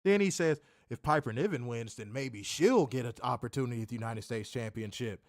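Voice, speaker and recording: A man's voice: medium pitch, brisk, no echo, studio quality. A man co-hosting a wrestling review in casual chat, sarcastic and exasperated, often restarting his sentences. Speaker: wrestling show co-host.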